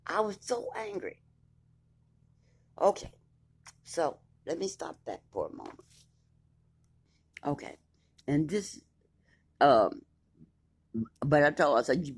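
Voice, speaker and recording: A woman's voice: sits low, sing-song, takes it slowly, pauses often, breathy edge. A woman telling her own court story in a blunt, indignant way, swearing freely and reading papers aloud. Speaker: vlogger recounting her court case. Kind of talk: emphatic personal account, reading documents aloud.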